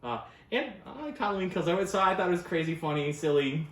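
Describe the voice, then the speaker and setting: A man's voice: high-pitched, lively intonation, quick pace, a bit bright, reverberant, slight background noise. Enthusiastic man rambling about records. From United States. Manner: enthusiastic, rambling, with frequent fillers and self-corrections. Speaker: record store owner and show host. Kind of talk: casual record review chat. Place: record store.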